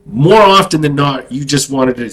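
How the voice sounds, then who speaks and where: A man's voice: mid-range voice, animated, moderate pace, fairly bright tone, rough recording. A male army veteran telling a casual, rambling story with plenty of profanity and self-mockery.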